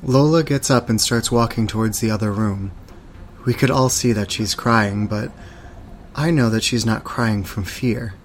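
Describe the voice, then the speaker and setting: A man performing first-person narration and dialogue in an audio drama, in a slow, low-key manner. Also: a little hiss or hum. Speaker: voice actor.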